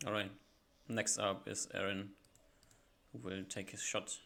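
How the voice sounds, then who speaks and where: A man's voice: on the low side, flat delivery, a little slow, vocal fry, sharp tone. A man narrating as game master in a tabletop role-playing session, describing scenes loosely with many fillers. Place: home setup, live stream.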